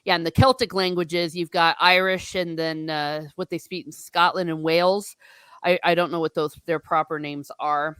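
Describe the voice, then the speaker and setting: A woman from the United States hosting a casual livestream book chat, talking in a chatty, animated way and reading viewer comments aloud. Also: fairly low pitch, moderate pace, clear, resonant tone, no echo. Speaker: host.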